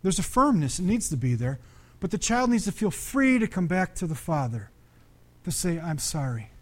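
High-voiced man preaching a sermon. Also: big pitch swings, normal speed. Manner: conversational preaching, asks the congregation questions. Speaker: pastor.

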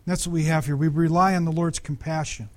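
High-voiced man preaching a sermon. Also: fairly even intonation, brisk. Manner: conversational preaching, asks the congregation questions. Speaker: pastor.

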